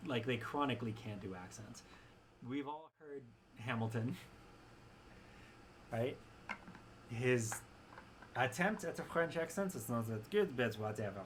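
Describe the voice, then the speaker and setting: A man's voice: medium pitch, lively intonation, measured pace, long pauses, background noise. A young man chatting casually on a stream, wry and rambling with frequent restarts. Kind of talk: casual chat.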